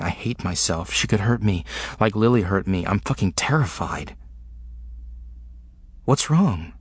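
Husky man narrating in halting fragments. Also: on the low side, no room sound. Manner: halting, fragmented, intimate delivery. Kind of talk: first-person audiobook narration.

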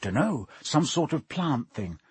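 Man doing a brave young schoolboy wizard, eager, storybook reading, lively, dry. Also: mid-range voice, unhurried, slightly rough, no echo, full character voice. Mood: calling.

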